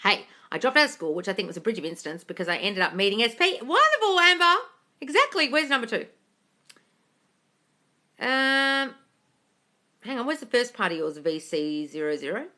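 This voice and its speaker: A woman chats on a live stream, reading out viewer questions and answering each one. Her voice is bright and forward, and she calls her viewers darling, gushing over good news before giving firm advice. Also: medium pitch, lively intonation, moderate pace, long pauses. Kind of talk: casual live-stream chat.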